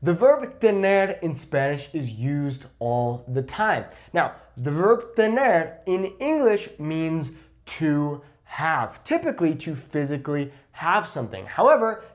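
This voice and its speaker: Male language teacher, animated delivery, clear explanations. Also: a little high. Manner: clear, explanatory, slows down to model Spanish phrases. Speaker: Spanish teacher. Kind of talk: language lesson.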